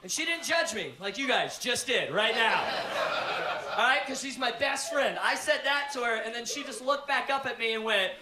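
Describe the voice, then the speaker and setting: A man's voice: very high-pitched, lively intonation, moderate pace, background noise. Brash, profane stand-up comedian man. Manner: brash, profane, loud storytelling. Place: live comedy venue. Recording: echoey live room from far off. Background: audience laughter.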